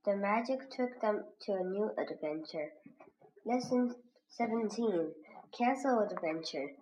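A woman slowly reading a children's reader aloud as a lesson, pronouncing each word with care. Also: mid-range voice, expressive, darkish tone. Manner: slow, careful, clearly pronounced. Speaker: reading teacher. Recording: dull lo-fi recording with faint hiss.

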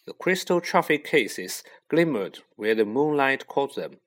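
A man narrates a storybook at an unhurried pace. His pitch rises and falls a great deal, keeping the telling expressive. His voice sits in a middle range. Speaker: audiobook reader.

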